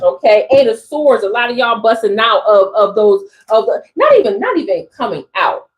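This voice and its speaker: Here a woman spiritual coach with an East Coast accent does a live tarot reading, her fairly high voice very animated at a moderate pace. She talks emphatically in slang and repeats phrases, captured on a low-quality recording.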